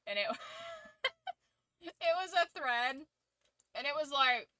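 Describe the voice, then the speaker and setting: A woman's voice: high-pitched, huge pitch swings, extremely slow, pushed and bright. A woman streamer chatting casually to her viewers, laughing often and swearing freely. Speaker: streamer hosting a watch-along. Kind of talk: casual chat.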